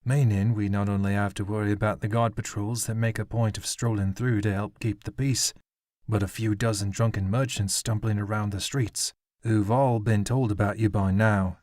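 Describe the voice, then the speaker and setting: A man voicing a wary young male guardsman who talks in a careful, hushed way. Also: fairly low pitch, steady tone, normal speed, dry recording, clean studio sound, lightly acted.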